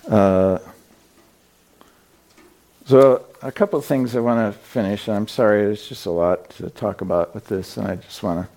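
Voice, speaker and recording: A man's voice: lowish voice, moderate pace, pauses often, dark tone. A man preaching a sermon in a conversational, storytelling way, with frequent fillers. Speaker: pastor. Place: church sanctuary.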